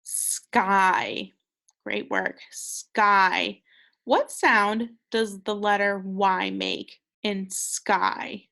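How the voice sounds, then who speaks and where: A woman's voice: medium pitch, steady tone, very slow, gravelly, bright, forceful tone. A young woman teaching second graders a recorded phonics lesson, patient and encouraging, sounding out words with care.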